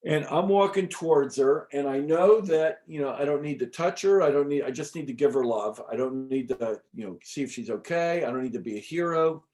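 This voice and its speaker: A middle-aged man, an interview guest, telling a personal story in a casual, animated way with many fillers and the odd swear word. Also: fairly high pitch, a little fast, few pauses. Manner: animated, chatty, frequent fillers and restarts. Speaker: interview guest recounting an experience.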